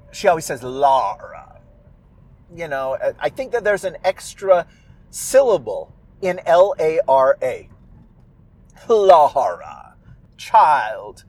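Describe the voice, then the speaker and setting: Slow, lively-voiced man musing aloud. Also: high-pitched. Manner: musing, animated, self-amused. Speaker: writer and audio drama performer. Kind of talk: casual reflective monologue.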